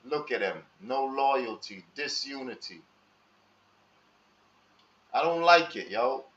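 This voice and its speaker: A man talking casually and slowly to his live audience in street slang, asking viewers for their advice. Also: medium pitch, animated, fairly bright tone. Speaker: live stream host. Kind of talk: casual monologue to live chat. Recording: echoey room, dull lo-fi sound.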